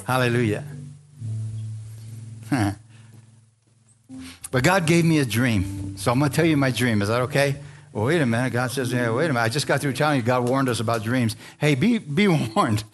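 A man's voice: medium pitch, expressive, moderate pace, long pauses. A man preaching a sermon, telling a personal story in a conversational way and calling out to the congregation. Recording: music playing behind.

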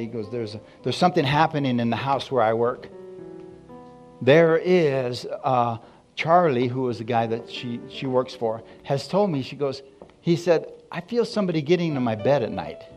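A man preaching a sermon as a pastor, telling stories and acting out quotes, then rising to loud exclamations. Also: medium pitch. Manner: storytelling, acts out quotes, rises to loud exclamations.

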